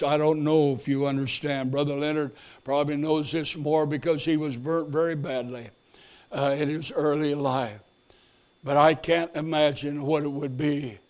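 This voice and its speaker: A male pastor preaching a revival sermon, swinging between loud urgent passages and hushed pleading ones, with repeated phrases and halting restarts. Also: fairly high pitch.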